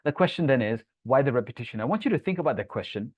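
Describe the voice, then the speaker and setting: A man leads a live online Quran lesson at a brisk pace. He recites Arabic verses quickly, then explains them and picks up viewers' comments from the chat. His voice sounds thin and phone-like, dry with no room echo. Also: mid-range voice, expressive. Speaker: Islamic teacher.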